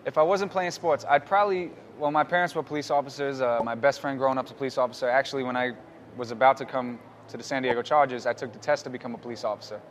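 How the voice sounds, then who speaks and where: Fast-talking New York guy. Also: mid-range voice, slight background noise. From New York City. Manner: relaxed, rambling with fillers. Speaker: football player. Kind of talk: casual interview answers.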